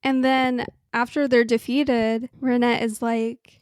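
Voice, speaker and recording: Woman, somewhat high voice, dry close mic, chatty and wry. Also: level tone, takes it slowly, darkish tone, clean tone, no room sound. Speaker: podcast co-host. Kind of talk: casual chat.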